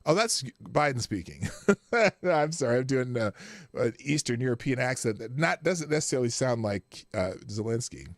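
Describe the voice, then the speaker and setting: Brief: male commentary host, sarcastic and rambling, very lively intonation, dry close sound. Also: medium pitch, moderate pace, no room sound. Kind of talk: live news commentary.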